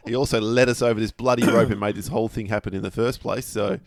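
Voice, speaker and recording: A man in a tabletop game grumbles his way through dry banter with the others. His voice sits a little low. The sound is close and dry. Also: steady tone, fast talker, vocal fry, no room sound.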